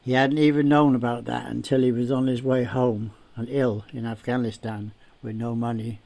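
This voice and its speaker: A man narrating a story aloud in a steady, unhurried, plain way. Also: mid-range voice, vocal fry.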